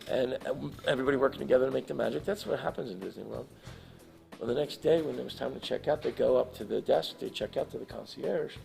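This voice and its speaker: A man telling an animated, emotional anecdote as a guest in a live interview, acting out the people in his story. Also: medium pitch, quick pace, gravelly, soft background music. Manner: emotional, laughs while telling. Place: live event in front of an audience.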